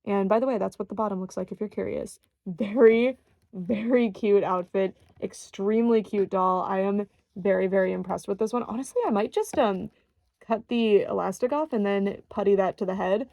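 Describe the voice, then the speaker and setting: A young woman chats eagerly through a doll review, piling on fillers and little laughs. Her voice carries a gravelly fry. The sound is dry and close to the mic. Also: medium pitch, normal speed, mellow, no echo. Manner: chatty, enthusiastic, frequent fillers and small laughs. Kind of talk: casual unboxing review.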